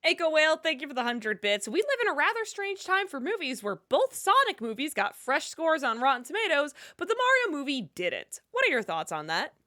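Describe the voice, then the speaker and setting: High-voiced woman reading chat messages. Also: very animated, brisk, few pauses, sharp tone. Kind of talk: reading viewer messages aloud.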